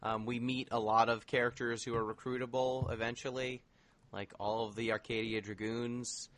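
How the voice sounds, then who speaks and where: A man's voice: medium pitch, little pitch movement, normal speed, fairly bright tone, no echo. A man co-hosting a casual podcast chat, explaining things at length with lots of filler words. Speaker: podcast co-host.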